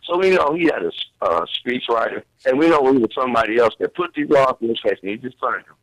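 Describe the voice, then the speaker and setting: A man's voice: mid-range voice, animated, quick pace, fairly bright tone, no room sound, poor audio. A man speaks as a talk show guest in a mid-range voice that rises and falls a lot. He argues earnestly and emphatically in casual speech. The recording is close and dry. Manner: earnest, emphatic, informal grammar. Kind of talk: political talk show discussion.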